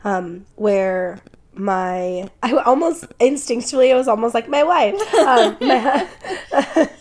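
A woman's voice: on the high side, slow pace, darkish tone. A woman with a cold co-hosting a podcast, joking and laughing often as she chats casually. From Portland area. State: sick with a cold. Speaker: podcast co-host. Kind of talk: casual chat.

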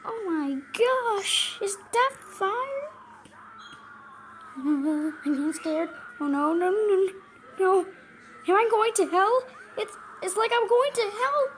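A woman voicing a squeaky, cheerful male cartoon mouse who rambles nervously while reacting to a video, breaking into frantic yelps. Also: lively intonation, slow pace, slight background noise, heavily acted. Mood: panicked. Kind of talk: in-character reaction commentary.

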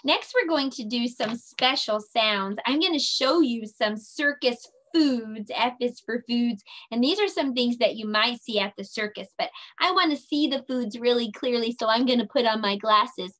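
A woman leading a children's circle time lesson, speaking in a slow, sing-song, encouraging way and stretching her words out. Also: fairly high pitch, fairly bright tone. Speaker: preschool teacher.

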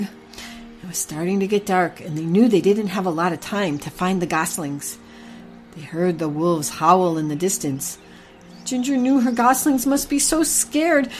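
A woman telling a children's barnyard story in a gentle, even reading voice. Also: medium pitch.

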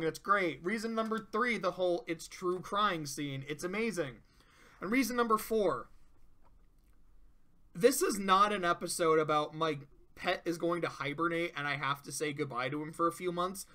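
Ranking shows in a laid-back tier list, a man reviews them with lively, foul-mouthed energy. His voice is high and bright, and he keeps dropping into brief character impressions.

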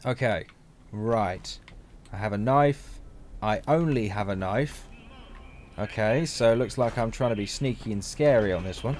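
A man's voice: lowish voice, moderate pace, darkish tone, a little hiss or hum. A man giving chatty, rambling let's-play commentary as a gaming channel host, joking and laughing often.

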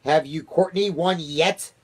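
A man's voice: mid-range voice, moderate pace, darkish tone, voice pushed up, lightly acted. A man playing a stern, icy old lady. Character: strict, icy huge old woman, the vice president.

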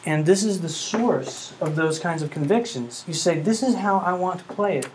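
A man lectures a music class in an earnest, questioning way, now and then humming the melody he means. His middle-pitched voice is picked up by a room mic in a classroom, with a faint hiss under it. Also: lively intonation, moderate pace, darkish tone, low-quality recording. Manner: earnest, asks rhetorical questions, hums melodies. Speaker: music professor.

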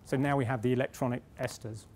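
A man's voice: mid-range voice, fairly even intonation, quick pace, a little mellow, a little hiss or hum. A middle-aged British man speaking at a conference, telling a self-deprecating story with restarts before turning to his point. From Britain. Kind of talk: conference speech with anecdote. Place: conference hall.

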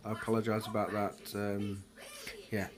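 A man's voice: fairly low pitch, monotone, normal speed, background noise. British man rambling through a home vlog. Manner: rambling, with many fillers and restarts. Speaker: vlogger. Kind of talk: casual daily vlog chat. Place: at home, indoors. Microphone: handheld phone.

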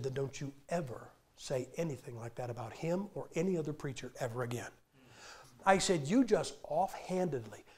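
A man preaching with a fairly high voice. He tells stories animatedly, acting out other people's lines and bursting into sudden shouts. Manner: animated storytelling, acting out quotes with sudden loud outbursts. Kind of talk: sermon.

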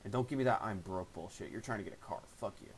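A man's voice: fairly low pitch, fast talker, slight background noise, poor audio. A young man in his late teens streaming a game, chatting casually and swearing a lot at his friend. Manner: crude, swearing trash talk. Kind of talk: casual gameplay stream chat.

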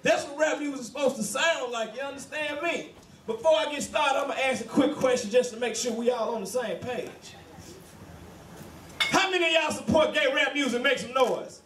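A man doing stand-up in a live comedy lounge, loudly bossing the DJ and the audience, recorded from across the room. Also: very high voice, fairly quick, slight background noise. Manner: loud, bossing the DJ and crowd. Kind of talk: stand-up set. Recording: echoey club from far mic with music.

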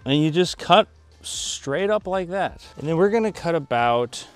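Excitable fishing vlogger man. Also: a little high, unhurried, faint music behind. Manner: excitable, yells and laughs when a fish bites; calm and chatty back at the dock. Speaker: fishing channel host. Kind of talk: casual vlog narration. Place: small boat out on the water, then at a dock. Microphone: camera mic, later with a wind cover.

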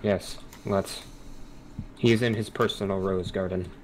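A man playing a tabletop role-playing game, speaking in character as a priest in formal, measured speech. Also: low-pitched, fairly even intonation, poor audio. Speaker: player.

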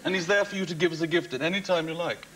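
Ein Mann macht in einer Talkshow spöttische, witzelnde Bemerkungen. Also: male voice, fairly high pitch, fairly even intonation, rapid-fire, background noise. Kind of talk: talk-show banter.

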